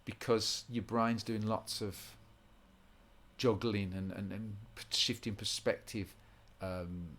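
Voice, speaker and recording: A man's voice: lowish voice, little pitch movement, slow, fairly bright tone. A man teaching a guitar rhythm lesson in an informal way, often restarting his sentences and counting beats aloud.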